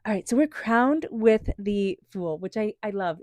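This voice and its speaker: Soft-spoken woman giving a tarot reading. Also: mid-range voice, expressive, normal speed, hardly any pauses, no echo, studio quality. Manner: soft guided-meditation phrasing, casual with many fillers. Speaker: tarot reader. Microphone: small microphone.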